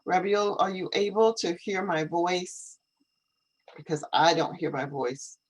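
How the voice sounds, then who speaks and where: Live-stream host, English teacher: slow deliberate pace, talks through setup troubles aloud, repeats questions. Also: medium pitch, low-quality recording. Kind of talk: casual live-stream chat. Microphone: computer video call.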